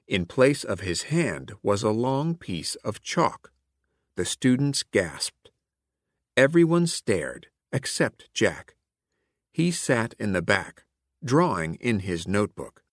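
A man reading a children's picture book aloud in a clear, expressive way, including its classroom activity prompts. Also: lowish voice, takes it slowly, no echo, clean studio sound. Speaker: storybook reader. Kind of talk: read-aloud children's story narration.

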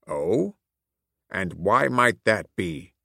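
A gruff old seadog of a pirate with a deep, slow growl, put on by a man reading a storybook aloud. He rolls out his arrs and ayes with salty relish, swinging widely in pitch. Underneath the bluster sits a kind heart. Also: sing-song, sharp tone, no echo, studio quality, heavily acted. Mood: gentle.

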